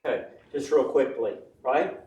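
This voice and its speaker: A chatty male lecturer who keeps checking in with "right?" and "yes?" as he teaches. His voice sits at an ordinary middle pitch and is caught from across a roomy classroom, with a faint hum of room noise behind him. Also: normal speed, mellow, distant mic, dull audio. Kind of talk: classroom lecture with personal anecdotes.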